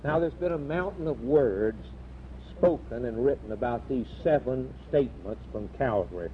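A man preaching a sermon in a slow, measured way, with emphatic rises on key words. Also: medium pitch, animated, slight background noise. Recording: dull lo-fi recording.

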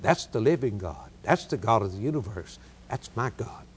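A man preaching a sermon, telling stories dramatically and building cadenced lists, with big swings in pitch and pace. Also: expressive, normal speed, slight background noise.

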